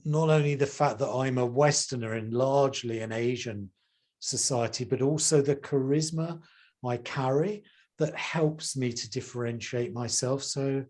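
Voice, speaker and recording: A middle-aged man, speaking at an ordinary mid pitch. He talks as a guest in a relaxed interview over a video call, with theatrical stresses on key words. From England. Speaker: guest, charisma coach. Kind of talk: casual interview chat. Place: home room, video call.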